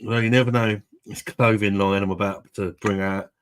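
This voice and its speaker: A man's voice: lowish voice, fairly even intonation, moderate pace, a little hiss or hum. A man hosting a casual livestream, reading out viewer comments, jokey and rambling, tipsy from beer and laughing often. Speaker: livestream host.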